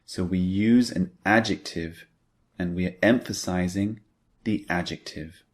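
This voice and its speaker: Slow, low-voiced male English teacher. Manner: slow, deliberate explanation with spoken examples. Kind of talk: scripted language lesson.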